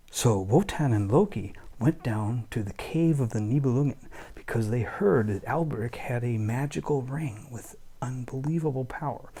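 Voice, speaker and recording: Gravelly, jokey music teacher. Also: male voice, mid-range voice, mellow. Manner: jokey, loose storytelling with fillers. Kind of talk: playful class retelling with puppets.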